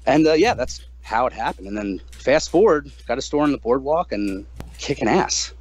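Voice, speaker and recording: A man in his thirties chatting as a podcast guest, with a voice of middle pitch. His delivery is animated and expressive, rising and falling widely. He swears freely and leaps high when he acts out his own reactions. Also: moderate pace, breathy edge, poor audio. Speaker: guest musician, drummer. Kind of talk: casual podcast interview chat.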